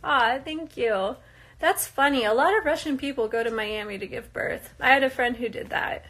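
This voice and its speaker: A woman's voice: high voice, moderate pace, a bit bright. A young woman from the US reading viewer questions aloud and answering them in a casual, chatty way, laughing often. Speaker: reality show cast member answering viewer questions. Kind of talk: casual live Q&A chat.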